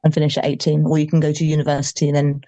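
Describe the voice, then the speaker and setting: English woman guest singer, casual fast chat, dry close sound, soft mellow tone. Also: low-pitched, completely flat delivery, no room sound, highs cut off. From England. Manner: chatty, trailing off with ums and tag questions.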